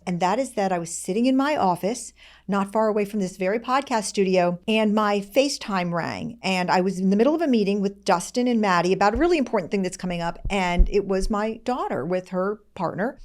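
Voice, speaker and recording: Fast-talking woman podcast host. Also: mid-range voice. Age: middle-aged. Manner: fast-talking, candid and expressive. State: tearful, close to crying. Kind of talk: conversational podcast talk.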